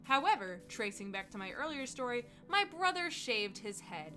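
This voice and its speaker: Chatty young woman streamer, bright voice. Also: a little high, moderate pace, soft background music. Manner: chatty, rambling, animated retelling. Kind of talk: casual storytelling while gaming.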